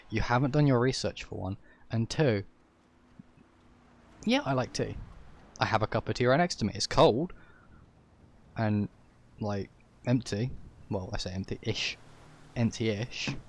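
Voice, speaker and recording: A man's voice: mid-range voice, unhurried, pauses often. Rambling opinionated English man. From England. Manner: opinionated, rambling, self-correcting. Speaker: streamer. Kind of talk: casual ranting livestream talk.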